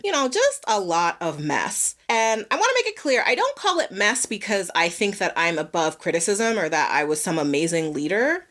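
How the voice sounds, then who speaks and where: A young woman hosts her own podcast and tells stories from her school days. Her pitch sits mid-range but swings widely and expressively as she talks. She is blunt and candid and swears freely. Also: fairly bright tone. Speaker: podcast host. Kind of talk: solo storytelling podcast.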